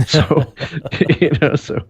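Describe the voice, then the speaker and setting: A man, a broadcast engineer, chatting as an interview guest and telling relaxed stories that grow animated when he quotes people. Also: fairly high pitch, extremely slow, husky, no room sound. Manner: relaxed storyteller, animated when quoting others. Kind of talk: casual interview chat. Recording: tinny phone-line call.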